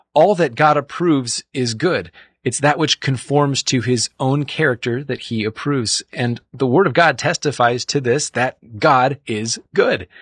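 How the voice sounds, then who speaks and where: Calm, husky-voiced male radio host. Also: medium pitch, no room sound. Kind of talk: scripted devotional radio talk.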